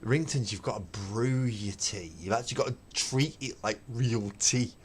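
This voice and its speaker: A middle-aged man hosts a hobby painting livestream, chatting casually while he works and ranting with emphatic opinions and plenty of swearing. He speaks at a moderate pace in a mid-range voice over a faint hiss or hum.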